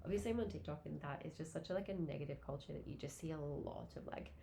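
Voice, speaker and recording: A woman in her late twenties hosts a casual podcast on her own. Her voice sits a little low and sounds mellow and warm. She tells her stories in a loose, chatty way and swears freely. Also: quick pace, vocal fry, slight background noise. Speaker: podcast host. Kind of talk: casual solo podcast chat.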